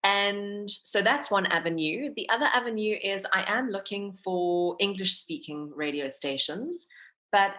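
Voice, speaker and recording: A woman's voice: mid-range voice, expressive, unhurried, pushed and bright. A South African woman in her thirties, a radio presenter, chatting candidly as a podcast guest and laughing often. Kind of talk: casual interview chat.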